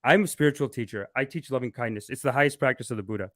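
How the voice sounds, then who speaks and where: A man hosting a comedic live stream. He swings between hushed mock-spiritual calm and loud excited outbursts, laughing often. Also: mid-range voice, rapid-fire. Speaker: livestream host.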